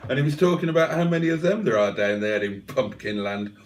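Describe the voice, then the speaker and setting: A man hosting a casual livestream, his pitch rising and falling in a lively, animated way. He talks with a dry, self-mocking, slightly pompous turn of phrase. He sits back from the mic, so the room rings around him. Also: fairly quick, recorded from a distance. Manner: dry self-mocking, wordy and mock-formal. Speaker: livestream host. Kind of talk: casual chat reading out live viewer comments. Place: indoors, home livestream. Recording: roomy echo, voice a little off-mic.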